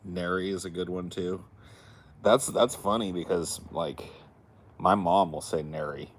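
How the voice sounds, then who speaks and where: A low-pitched American man spins a rambling, profane anecdote in casual podcast chat. His voice sits deep, and a clear background hum runs under the recording. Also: fairly even intonation, unhurried, rough recording. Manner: rambling anecdote-telling, crude asides. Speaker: podcast co-host.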